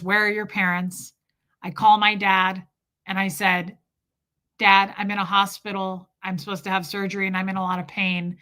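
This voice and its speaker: A woman's voice: mid-range voice, bright, forceful tone. Woman telling a heartfelt family story. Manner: emotional, halting, with restarts. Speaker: vlogger. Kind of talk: personal storytelling.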